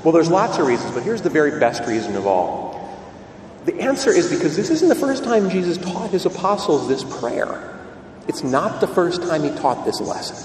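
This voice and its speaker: A man delivers a lively sermon with a pitch that swings up and down. He is heard from a distance, and his voice rings through a roomy church with a long reverb trail. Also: moderate pace, a little hiss or hum. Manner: animated, questioning, emphatic repetition. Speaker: preacher. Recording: echoey church, voice from far off.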